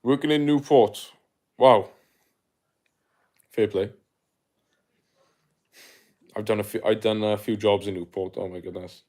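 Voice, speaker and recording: Relaxed and chatty, a young South Welsh livestreamer with a South Welsh accent reads out viewer comments and replies using slang such as "mate" and "my guy." He talks unhurriedly in a fairly low voice, pausing often.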